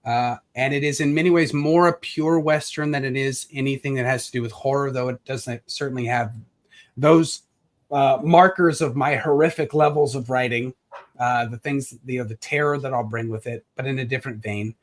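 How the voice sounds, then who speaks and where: A man who is an author, speaking earnestly and reflectively at a live launch event over a video call, with pauses and filler words. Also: mid-range voice, steady tone.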